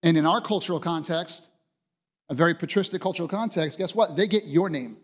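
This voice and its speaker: A man preaching with passionate emphasis, his voice sitting a little high for a man. He hammers points home with repeated phrases. A long reverb from the church hall trails each line. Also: a little fast. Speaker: pastor. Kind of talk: sermon.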